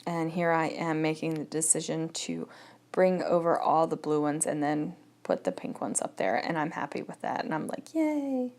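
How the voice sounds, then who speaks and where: Gravelly low-voiced woman narrating crafts. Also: normal speed, darkish tone. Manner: easygoing, chatty, thinking aloud. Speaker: scrapbooking vlogger. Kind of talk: casual voice-over narration.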